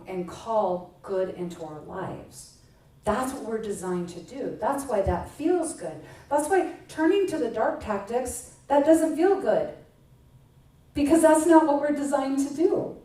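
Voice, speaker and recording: A woman's voice: medium pitch, warm tone. A middle-aged woman minister giving a casual, conversational sermon, chatty and self-mocking, acting out bits of everyday talk. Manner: chatty and self-mocking, with playful acted-out quotes. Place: church sanctuary. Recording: echoey hall, voice from a distance.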